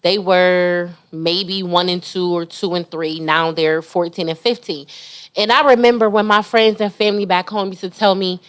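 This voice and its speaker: A woman's voice: lowish voice, steady tone, normal speed, clean tone. A woman from Buffalo co-hosting a podcast, giving earnest advice in a casual chat full of "you know". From Buffalo, New York.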